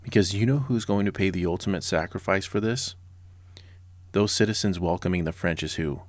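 A man's voice: sits low, fairly quick, no echo, clean studio sound. A man in his forties from Southern California, narrating history with blunt sarcasm and casual personal asides. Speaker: podcast host.

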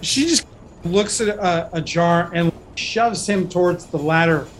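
A man's voice: high voice, unhurried, a little hiss or hum. A man narrating and ruling as game master of a tabletop role-playing game, in an easygoing way.

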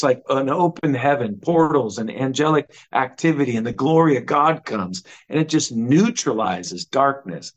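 A man's voice: medium pitch, rough recording. A man, a minister guest on a radio interview, earnestly recounting a worship event with fillers like "um" and "you know". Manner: earnest, fervent storytelling with fillers. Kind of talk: interview testimony.

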